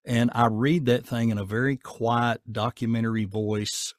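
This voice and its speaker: A man with a Southern accent, talking casually in an interview in a folksy, down-to-earth way with a gruff edge. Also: medium pitch, steady tone, normal speed, no echo, studio quality. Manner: folksy, down-to-earth, rambling with fillers. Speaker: voice actor guest.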